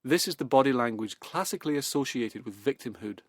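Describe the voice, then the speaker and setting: A man in calm, measured self-help talk that leads into hypnosis, slowing and softening as he goes. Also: mid-range voice, no echo, studio quality.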